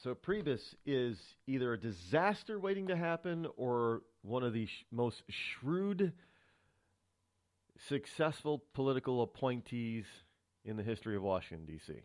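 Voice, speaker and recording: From a radio studio, a man hosts a talk show, rambling through a solo monologue of political commentary at a normal speed. He restarts often, and his pitch swings animatedly.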